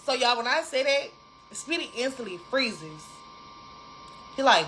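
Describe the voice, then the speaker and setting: Young woman telling an animated storytime. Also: fairly high pitch, measured pace, long pauses, a little hiss or hum, poor audio. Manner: animated, repetitive, talks straight to viewers. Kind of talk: casual storytime.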